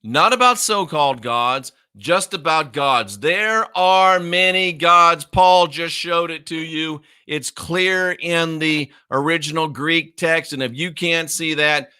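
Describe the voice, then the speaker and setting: Man, combative Bible teacher, mocking, repetitive emphasis, bright forceful voice, slightly high. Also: takes it slowly, hardly any pauses, clean tone. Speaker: minister.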